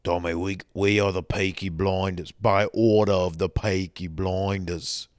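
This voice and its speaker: A man voicing a gruff adult gangster brother with a thick Birmingham accent, shouting and repeating himself. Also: sits low, steady tone, unhurried, dry recording, clean studio sound.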